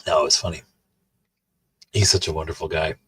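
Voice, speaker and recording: A man with a very low, husky voice chats loosely with his stream audience, wandering off into asides and restarting his sentences. The sound is close and dry, with no room around it. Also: fairly even intonation, normal speed, fairly bright tone, no room sound. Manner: rambling, chatty, many restarts and asides to chat. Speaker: streamer and host. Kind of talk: casual chat while livestreaming.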